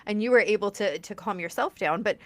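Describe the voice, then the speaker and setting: A woman in her thirties hosting a casual talk, animated, laughing often and acting out quoted lines. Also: medium pitch, brisk. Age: 30s. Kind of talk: casual conversational chat.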